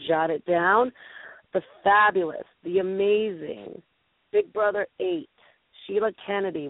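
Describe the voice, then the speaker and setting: A woman's voice: lowish voice, no echo. A woman hosting an online talk-radio show in a bubbly, rambling, chatty way. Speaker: host. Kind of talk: casual talk-radio chat. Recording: tinny phone-like line, dry.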